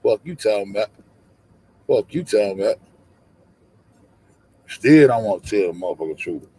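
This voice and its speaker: A man's voice: lowish voice, expressive, moderate pace, warm tone, slightly rough. A man hosting a livestream, ranting profanely and confrontationally, repeating himself. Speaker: livestream host. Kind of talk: heated livestream rant.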